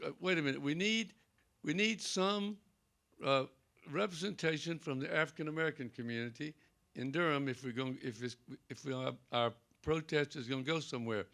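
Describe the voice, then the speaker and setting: A man's voice: a little high, vocal fry, a bit bright. An older man with a Southern accent, a Presbyterian pastor telling stories on a panel and acting out the dialogue. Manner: folksy anecdotal storytelling, acts out quoted dialogue. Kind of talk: storytelling on a library panel. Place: library event room.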